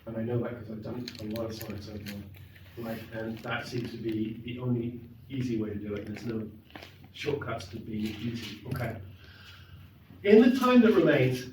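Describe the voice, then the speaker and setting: A man's voice: medium pitch, lively intonation, normal speed. A middle-aged man giving a conversational, emphatic classroom lecture on poetry. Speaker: literature lecturer. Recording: echoey classroom, mic far off, faint noise.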